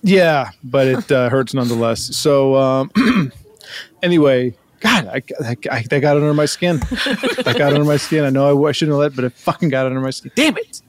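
A man's voice: medium pitch, moderate pace, dry recording. A man in an improv comedy scene who talks in an agitated way, swears and repeats himself.

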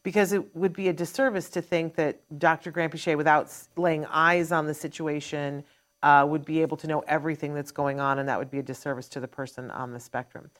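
A woman's voice: deep voice, steady tone, a little fast. A woman hosting a live Q&A show, chatty and upbeat, running through announcements in long strings. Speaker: host.

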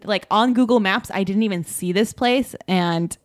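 A woman's voice: mid-range voice, moderate pace. A woman co-hosting a podcast, chatting casually and playfully, swearing now and then. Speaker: podcast co-host.

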